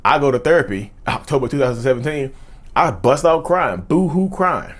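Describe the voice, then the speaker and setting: A man's voice: mid-range voice, lively intonation, normal speed, a bit bright. A man, talking to camera in an earnest, preachy way and repeating lines for emphasis. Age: 30s. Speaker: mental health video creator. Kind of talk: casual talking-to-camera monologue.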